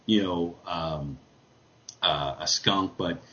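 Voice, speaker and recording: Low-voiced rambling man on radio. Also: slow pace, sharp tone. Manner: rambling, many fillers and restarts, folksy grammar. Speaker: guest describing a Sasquatch sighting. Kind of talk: casual call-in radio talk. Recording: dull lo-fi radio audio.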